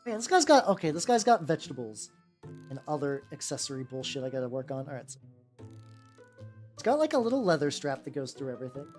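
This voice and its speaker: A woman's voice: deep voice, big pitch swings, quick pace, darkish tone. A woman streaming while she paints miniatures, rambling casually, swearing freely and greeting her chat by name. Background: faint background music.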